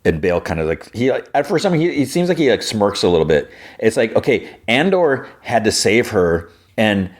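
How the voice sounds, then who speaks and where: A man hosting a podcast, rambling casually through a recap with lots of "he's like" and restarts. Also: on the low side. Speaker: podcast host.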